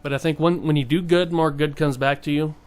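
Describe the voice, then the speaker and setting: A man's voice: a little high, steady tone, brisk. A young man talking casually and earnestly to his viewers, rambling with many fillers and restarts. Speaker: vlogger. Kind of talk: casual motivational monologue.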